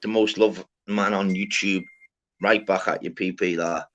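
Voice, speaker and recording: A man's voice: low voice, steady tone, unhurried, fairly bright tone. Swearing man hosting a lo-fi live stream. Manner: swearing, slangy banter. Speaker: livestream host. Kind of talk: casual chat. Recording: dull lo-fi stream audio.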